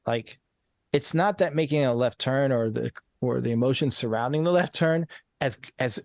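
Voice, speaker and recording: A man's voice: medium pitch, normal speed, no room sound. Earnest rambling man, dry close sound. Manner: earnest, rambling, frequent restarts and repeated words. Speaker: podcast guest, transformation coach. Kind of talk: casual conversational interview.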